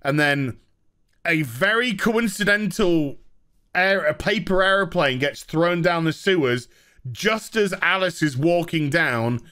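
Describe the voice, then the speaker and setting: A man's voice: fairly high pitch, expressive, slow pace, sharp tone, smooth. A man ranting through a sarcastic, exasperated TV episode review, mocking the characters as he recounts the plot.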